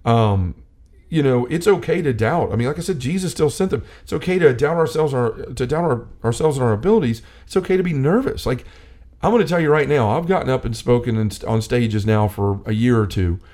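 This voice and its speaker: A man co-hosting a casual faith talk, speaking with animated energy and often acting out quotes. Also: medium pitch, fairly quick. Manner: animated, acts out quotes, many restarts. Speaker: co-host.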